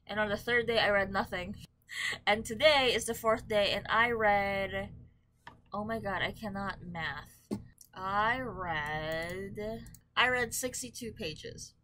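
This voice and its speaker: A woman's voice: mid-range voice, slow, bright, forceful tone, a little hiss or hum. A young woman chatting casually to camera in a book vlog, bubbly and full of ums and likes. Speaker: book vlogger. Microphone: camera mic.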